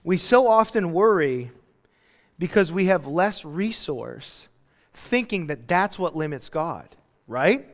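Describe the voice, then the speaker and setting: A male pastor preaching a casual, animated sermon, acting out quotes as he goes. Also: sits high, unhurried, in a large hall. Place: church hall.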